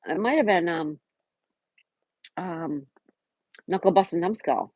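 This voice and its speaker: A woman hosting a casual live stream, chatting and answering viewers by name, sometimes dropping to a soft whisper. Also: lowish voice, lively intonation, slow pace, no room sound, muffled recording.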